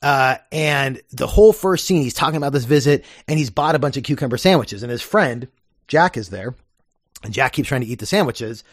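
A man's voice: mid-range voice, expressive, brisk, no echo, clean studio sound. A man hosting a casual podcast, chatty and explaining with plenty of fillers. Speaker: podcast host.

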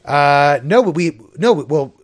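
A man's voice: fairly high pitch, lively intonation, slow pace. A man co-hosting a casual chat who talks thoughtfully, hedging often with "like" and "I mean.". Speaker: podcast co-host.

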